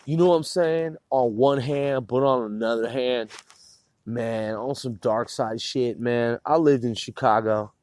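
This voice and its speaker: Man, heated rant, profane and repetitive, dry close sound, middle pitch. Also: a little slow, a little mellow, no echo. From Puget Sound area. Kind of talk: angry rant to camera. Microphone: phone.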